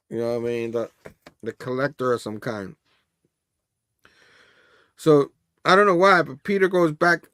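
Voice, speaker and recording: A man with a fairly high voice hosts a laid-back comic book recap. He talks loosely, laughs between thoughts and reads out characters' lines. The sound is close and dry, with almost no room echo. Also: fairly bright tone, smooth. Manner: loose and chatty, laughs often, reads comic dialogue aloud. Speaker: comic book review host. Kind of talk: casual rambling comic recap.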